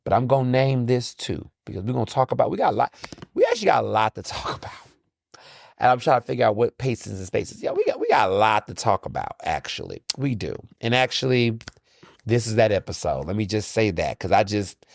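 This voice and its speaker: Animated gravelly podcast host man. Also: lowish voice, fairly quick, dry recording, studio quality. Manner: animated storytelling, acts out exchanges in quoted voices; blunt and exasperated. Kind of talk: solo casual commentary.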